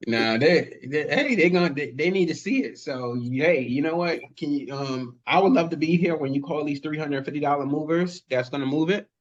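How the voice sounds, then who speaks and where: A man on a casual podcast, throwing in quick joking reactions. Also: a little high. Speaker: podcast guest. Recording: dull, muffled audio.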